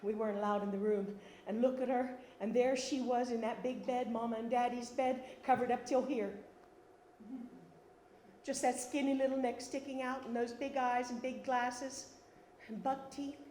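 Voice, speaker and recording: A woman's voice: on the high side, steady tone, moderate pace, dark tone, roomy sound, a little hiss or hum. An older woman telling a wry, funny life story as a one-woman stage monologue. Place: theatre stage.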